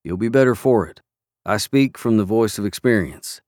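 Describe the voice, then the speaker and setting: A man voicing a steady, protective grown man who speaks low and earnestly in an audiobook. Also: moderate pace, no room sound, clean studio sound, natural voice. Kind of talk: audiobook character reading.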